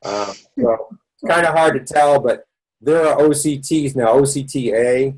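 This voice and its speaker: A man's voice: medium pitch, lively intonation, measured pace, darkish tone, breathy edge, poor audio. A man with a Boston accent giving a conversational health lecture, rambling and restarting as he explains. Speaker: doctor presenting a health session. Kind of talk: online presentation lecture.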